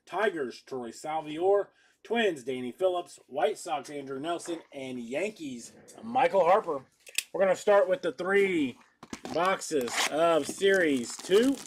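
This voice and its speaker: A man hosting a live card break, chatting casually and rattling off a list of names in a brisk, matter-of-fact way. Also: a little high. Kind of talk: casual live-stream chat. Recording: background noise with wrapper crinkling.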